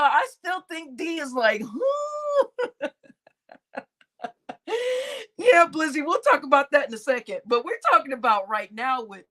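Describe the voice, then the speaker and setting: A woman hosting a livestream, chatting casually and gossiping with viewers, often laughing and breaking into loud exclamations. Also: high voice. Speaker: livestream host.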